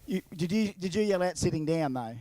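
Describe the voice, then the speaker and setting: High-voiced Australian announcer. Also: male voice, lively intonation, fairly quick, warm tone, dry recording. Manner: chatty and jokey, calls out to the crowd. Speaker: event announcer. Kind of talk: live crowd announcing over a handheld mic. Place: outdoors at a racetrack. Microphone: handheld microphone and horn speaker.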